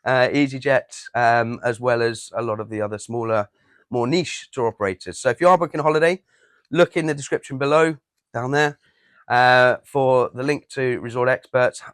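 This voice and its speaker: A man's voice: medium pitch, moderate pace, fairly bright tone, no room sound. Chatty man co-hosting a chat show. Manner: chatty, plugs a travel business. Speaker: podcast co-host. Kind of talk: casual chat.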